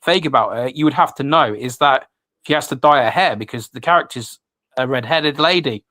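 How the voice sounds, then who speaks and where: A man's voice: medium pitch, fairly quick, bright, forceful tone, dry recording. A man hosting a casual radio chat, rambling with many restarts and fillers. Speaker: host.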